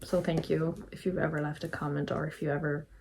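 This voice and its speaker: A woman's voice: low voice, flat delivery, brisk, creaky, darkish tone, a little hiss or hum. A young woman chatting casually in a book vlog, gushing and emotional, stacking repeated words for emphasis and laughing often. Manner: giggly, emotional. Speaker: book vlogger.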